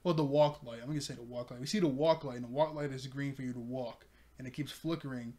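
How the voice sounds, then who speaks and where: A man's voice: mid-range voice, fairly even intonation, quick pace, warm tone. A man casually recapping an anime episode at home in front of a TV, rambling, often laughing and correcting himself. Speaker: anime reviewer. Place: room with a TV.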